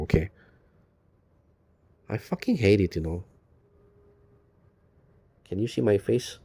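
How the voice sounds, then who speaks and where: A man with a low, mellow voice talks straight to his viewers in a loose, unscripted monologue. He loops back on his own phrases and leans on "you know" again and again, with bitter swearing throughout. The sound is dry and close. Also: lively intonation, takes it slowly, vocal fry, pauses often, slightly rough, no room sound. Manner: rambling, repeats "you know" constantly, profane and bitter. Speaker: video blogger.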